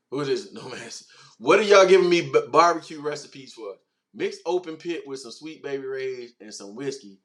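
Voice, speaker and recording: Male stream host, animated and slangy, average pitch, riffing with chat. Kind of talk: casual livestream talk, reading chat comments.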